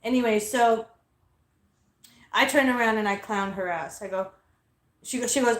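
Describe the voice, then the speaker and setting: A woman's voice: fairly high pitch, normal speed, pauses often, echoey room. A young adult woman hosting a casual vlog, telling a story in a blunt, profane, indignant way. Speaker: host. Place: inside a car.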